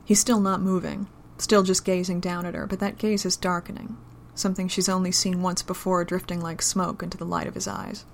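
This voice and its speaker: A woman reading an adult romance story aloud in a low, intimate, steady manner. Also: brisk, gravelly, hardly any pauses, a little hiss or hum. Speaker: narrator.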